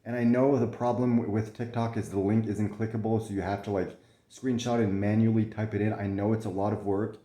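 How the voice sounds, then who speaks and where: A man's voice: on the low side, flat delivery, a little fast, mellow, reverberant. A young man talking candidly from bed in a casual vlog, swearing often, restarting his sentences, coughing and short of breath. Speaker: vlogger sharing his illness. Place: in bed at home.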